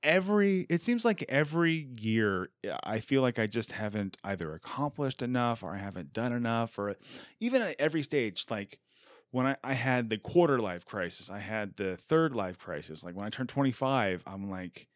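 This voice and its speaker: A man in his thirties hosting a podcast, chatting casually with quick self-deprecating jokes. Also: medium pitch, no room sound, clean studio sound. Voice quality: animated, jokey, self-deprecating. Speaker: podcast host. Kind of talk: casual chat.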